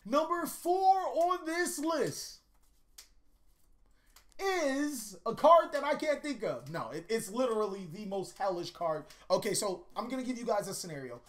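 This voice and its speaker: On the high side and sing-song, a woman speaks at an unhurried pace as she hosts a YouTube card-game countdown video. Her casual, comedic commentary is profane and full of rambling joke anecdotes.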